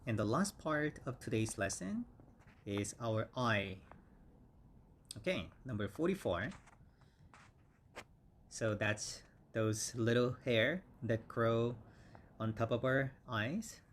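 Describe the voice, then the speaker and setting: Slow, patient male English teacher. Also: medium pitch, a little hiss or hum. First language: Korean. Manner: slow, patient, repeats each word several times. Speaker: English instructor. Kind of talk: slow vocabulary lesson with repeated words.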